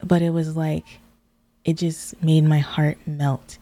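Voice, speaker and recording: A woman's voice: sits low, little pitch movement, takes it slowly, warm tone, no room sound. A woman co-hosting a podcast, chatting casually and telling stories with many "like" fillers. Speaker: podcast co-host. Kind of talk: casual chat.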